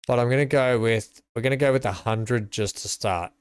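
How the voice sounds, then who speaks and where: A man's voice: mid-range voice, normal speed, clean tone, no room sound. An Australian man chatting casually to his live-stream viewers while playing, rambling and greeting them by name.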